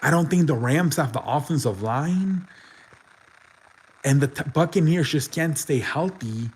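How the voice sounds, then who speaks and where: A man's voice: fairly high pitch, lively intonation, measured pace, husky. A man hosting a casual sports live stream, reading chat messages aloud and rambling about football with frequent swearing and restarts.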